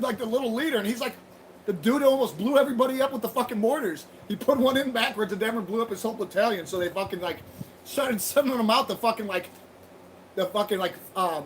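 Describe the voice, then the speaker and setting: Against a little hiss or hum, a high-pitched man rants on his home livestream. As host, he rambles bluntly, swears heavily, and keeps restarting his thoughts.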